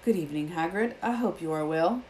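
A woman's voice: on the low side, fairly quick, darkish tone, slight background noise, lightly acted, low-quality recording. A woman voicing an aloof male centaur in a storybook reading, terse and formal. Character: wild dark-haired male centaur, aloof.

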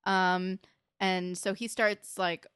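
A woman's voice: on the low side, little pitch movement, slow pace, a bit bright, clean tone, dry recording, studio quality. Chatty woman in her twenties. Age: 20s. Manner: enthusiastic, chatty, frequent "like" fillers and swearing. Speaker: podcast co-host. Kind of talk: casual recap chat.

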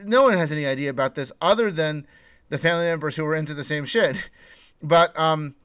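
A man's voice: fairly high pitch, fairly quick, fairly bright tone, clean tone, no room sound, clean studio sound. A man in casual podcast talk, thinking aloud with many restarts and short laughs. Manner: rambling, many restarts, laughs while talking.

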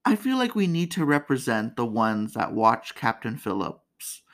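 A woman's voice: rumbling low, big pitch swings, a little slow. A woman hosting a casual comedic commentary, chatty and candid, laughing often. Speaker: podcast host.

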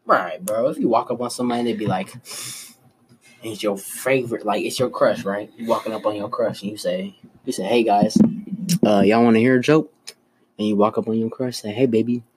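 A young man telling jokes in casual slang, loud and animated, teasing his friends. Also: lowish voice, fairly quick, a little hiss or hum, poor audio. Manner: loud, animated storytelling with slangy trash talk. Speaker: joke teller.

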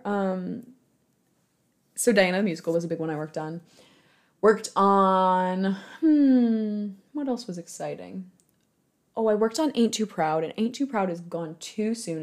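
A young woman from Michigan in her twenties, chatting casually in a rambling way about her work in theater, full of fillers and self-mocking laughs. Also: medium pitch. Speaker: theater marketing worker. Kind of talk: casual storytelling monologue.

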